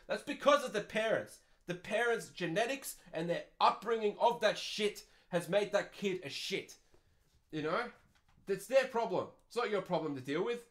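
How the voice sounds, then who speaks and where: A young Australian man hosting a podcast, answering listener questions in a blunt, profane rant. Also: high voice. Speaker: podcast host. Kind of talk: ranting advice podcast.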